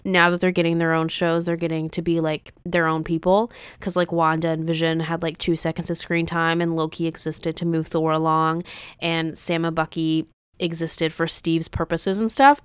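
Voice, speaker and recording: A woman's voice: fairly low pitch, clear, resonant tone, no echo, clean studio sound. A young woman chatting animatedly about a TV series, emphatic and playful. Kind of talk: casual chat about a TV series.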